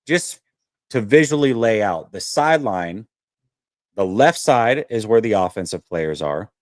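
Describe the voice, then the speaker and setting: A man hosting a casual sports talk show, telling a story with lots of fillers and animated detail. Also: on the low side, no echo, studio quality. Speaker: host.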